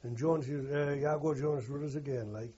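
A man's voice: mid-range voice, fairly even intonation, normal speed, mellow, breathy edge, dull audio. An older man, recalling his wartime experience in a rambling, earthy way and correcting himself as he goes. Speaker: war veteran interviewee. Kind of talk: oral history recollection.

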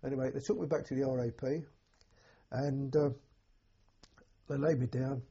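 An older English man, a war veteran, telling an oral history in a halting, plain-spoken way with a husky voice. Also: mid-range voice, little pitch movement, mellow, lo-fi sound. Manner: halting, plain-spoken storytelling with many restarts. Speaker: war veteran recounting memories.

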